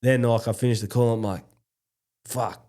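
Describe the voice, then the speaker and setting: A man's voice: mid-range voice, steady tone, quick pace, mellow, smooth. A man hosting a podcast, asking chatty, rambling questions and laughing easily. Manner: chatty, laughs often, loose questions with restarts. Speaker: podcast host. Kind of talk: casual podcast interview. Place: podcast studio.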